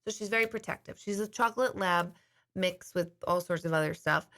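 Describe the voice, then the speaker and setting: A woman's voice: on the low side, a little fast, a bit bright. A middle-aged woman host chatting casually to her viewers, telling a long rambling story. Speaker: intuitive host.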